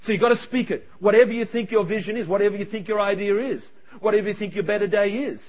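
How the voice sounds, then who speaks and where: High-voiced pastor preaching. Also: male voice. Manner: animated, acts out quoted voices, quick asides. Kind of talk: sermon. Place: church service. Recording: dull lo-fi sound.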